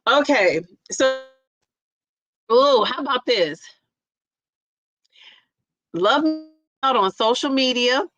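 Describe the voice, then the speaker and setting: A woman hosting a casual live chat stream, reading out viewer comments in a playful, excitable and teasing way. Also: high-pitched, takes it slowly, long pauses, highs cut off, music in the background.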